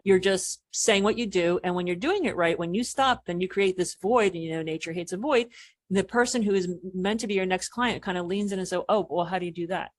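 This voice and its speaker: A woman coach speaks as a podcast guest at a middling pitch. She explains with energy and acts out other people's lines. The sound is dry and close, with no room echo. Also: fairly quick. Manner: animated explaining, acts out quoted remarks. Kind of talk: podcast interview answers.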